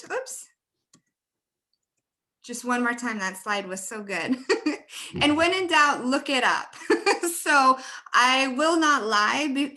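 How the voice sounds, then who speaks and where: A woman's voice: a little high, sharp tone. A woman presenting a webinar training for teachers, friendly and laughing often as she demonstrates word stress.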